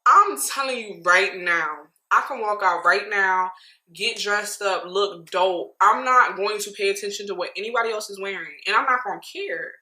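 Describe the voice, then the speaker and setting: A woman recapping reality TV in casual, opinionated chat, speaking animatedly with quick asides. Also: mid-range voice, pushed and bright, roomy sound.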